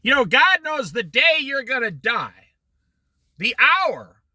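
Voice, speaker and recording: A middle-aged man teaching an informal Bible study, telling stories with lively quoted voices. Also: very high voice, takes it slowly, dry recording. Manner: animated storytelling with quoted voices.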